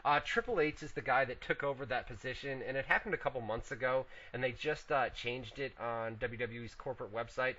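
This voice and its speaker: Casual male radio host, middle pitch, dull lo-fi audio, loose and chatty. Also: a little fast, few pauses, bright, forceful tone. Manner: loose and profane, reads out names then answers. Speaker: podcast host reading listener questions. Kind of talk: casual wrestling news chat.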